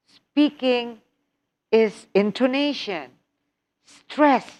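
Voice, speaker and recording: A woman instructor giving a workshop lecture on English test preparation, animated, repeating key points with rhetorical questions. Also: mid-range voice, takes it slowly, long pauses. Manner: acts out example phrases with exaggerated intonation.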